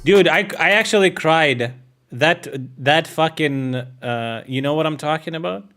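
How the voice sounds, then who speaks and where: A male streamer from Ukraine talks slowly and loosely to his chat, swearing often and laughing at his own jokes. Faint music plays behind him as he reacts to clips. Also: a little high, fairly bright tone.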